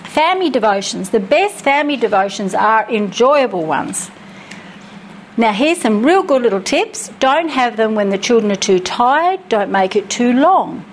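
Woman, middle-aged, slightly high voice, earnest, practical, teaching from notes, chatty asides. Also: big pitch swings, normal speed, slight background noise, poor audio. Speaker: Christian parenting teacher.

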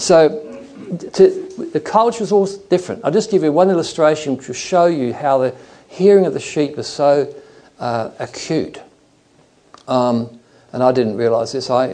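A man's voice: mid-range voice, a little mellow. A middle-aged man preaching a sermon, telling stories and acting out animal noises and other voices. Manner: storytelling, acts out animal sounds and voices. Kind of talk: sermon with anecdotes.

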